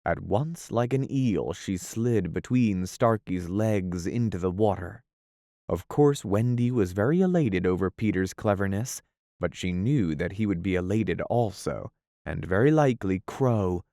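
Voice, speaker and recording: Male audiobook narrator, unhurried and low, dry close mic. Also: expressive, warm tone, no echo. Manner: measured, storytelling. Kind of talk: scripted narration.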